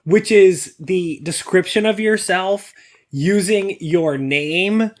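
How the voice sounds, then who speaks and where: A young man co-hosting a podcast, chatting casually with a wry, expressive, digressive way of talking. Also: sits high, slow pace. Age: young adult. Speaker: co-host.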